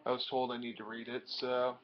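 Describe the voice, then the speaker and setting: A man's voice: medium pitch, monotone, fairly quick. A young man rambling through his new comics in a casual show-and-tell vlog, with plenty of ums and uhs. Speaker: comic book collector showing purchases. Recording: dull lo-fi home recording.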